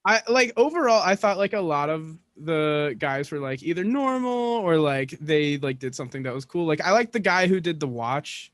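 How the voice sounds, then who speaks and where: A man's voice: on the high side, expressive, moderate pace, few pauses, a bit bright, no room sound, clean studio sound. A man in his twenties co-hosting a casual podcast chat, rambling through amused opinions. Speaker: podcast co-host.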